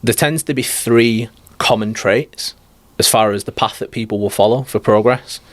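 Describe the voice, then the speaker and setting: A man's voice: on the low side, moderate pace, no room sound. A man talking as a life coach guest on a podcast, blunt, direct and emphatic. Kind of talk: podcast conversation.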